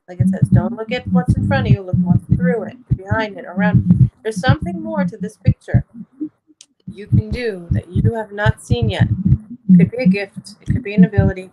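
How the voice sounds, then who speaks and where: A woman doing a casual card reading, talking in a chatty, encouraging way and laughing often. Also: mid-range voice. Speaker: card reader. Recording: loud background noise.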